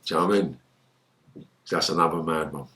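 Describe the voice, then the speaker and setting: A man's voice: extremely low pitch, quick pace. Swearing middle-aged man telling stories. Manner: animated, swears heavily, acts out quotes in a raised voice. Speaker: interview guest. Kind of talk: storytelling in an interview.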